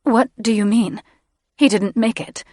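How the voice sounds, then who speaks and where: A woman's voice: a little high, measured pace, darkish tone, no echo, clean studio sound, voice pushed up. A woman voicing a grieving dragon queen mother who speaks shrilly and demands answers. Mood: anguished, demanding.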